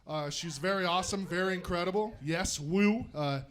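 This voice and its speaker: A man from Utah performing a stand-up comedy set on stage, animated and self-deprecating, chatting with the crowd. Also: sits high, normal speed. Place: comedy stage before a live audience.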